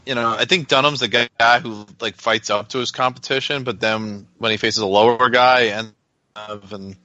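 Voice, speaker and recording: A man's voice: medium pitch, fairly even intonation, normal speed, bright, forceful tone, no room sound, dull audio. A man hosting a fight-betting podcast, handing the turn to his co-hosts in casual chat. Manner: runs the segment, hands the turn to others. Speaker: podcast host, moderator.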